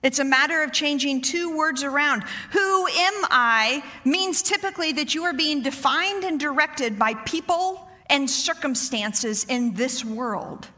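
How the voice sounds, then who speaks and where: A middle-aged woman giving a sermon to women, loud and animated in her delivery. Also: high voice, measured pace, hardly any pauses. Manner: loud, animated preaching, says so herself. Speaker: women's ministry speaker. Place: church sanctuary. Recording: reverberant church hall.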